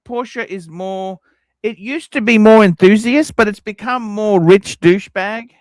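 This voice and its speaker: High-voiced blunt man. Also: a little slow, darkish tone, no echo. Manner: blunt and profane, reads out super chats. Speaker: livestream host. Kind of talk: casual livestream chat.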